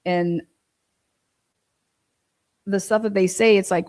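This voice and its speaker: A woman's voice: mid-range voice, fairly even intonation, takes it slowly, a little mellow. A woman hosting a casual livestream, reading viewer comments and talking bluntly with frequent swearing. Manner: blunt, profane, fired up. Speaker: livestream host.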